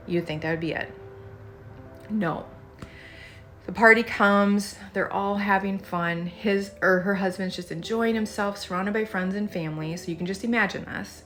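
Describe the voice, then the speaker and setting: Woman podcast host, storytelling commentary, emphatic, animated, mid-pitched voice. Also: moderate pace, soft background music.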